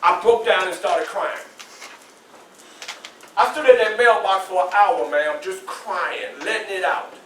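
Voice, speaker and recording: A man's voice: high-pitched, unhurried, pauses often, slight background noise. A man in his sixties with a Southern US accent, a motivational speaker addressing students in a preacherly call-and-response way with folksy asides. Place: school hall. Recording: echoey room from far off.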